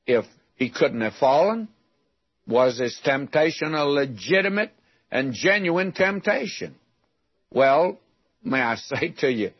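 A man's voice: mid-range voice, slightly rough, no room sound, lo-fi sound. An older man from West Texas preaching a radio sermon, teaching from the Bible in a folksy storytelling way with rhetorical questions.

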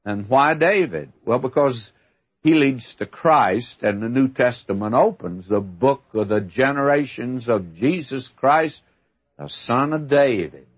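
A man's voice: medium pitch, breathy edge. An older man teaching the Bible in a folksy, emphatic way, calling the listener "my friend". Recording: dull lo-fi archival recording.

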